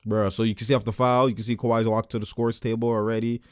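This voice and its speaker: A man giving a casual, excitable breakdown of basketball game footage, with lots of slang and exclamations. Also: on the low side, quick pace, clear, resonant tone, dry recording, studio quality. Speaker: basketball commentator.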